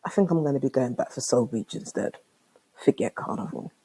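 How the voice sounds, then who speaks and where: A woman's voice: rumbling low, quick pace, gravelly. A young woman with a London accent hosting her own podcast. She tells a story in casual slang, exclaims often and acts out both sides of a conversation. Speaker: podcast host.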